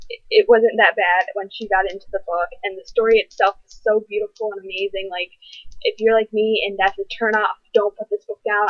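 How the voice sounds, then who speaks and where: Teenage girl, casual book review vlog, animated ranting, muffled lo-fi sound. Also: medium pitch, no room sound. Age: teens. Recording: dull, dry lo-fi webcam sound.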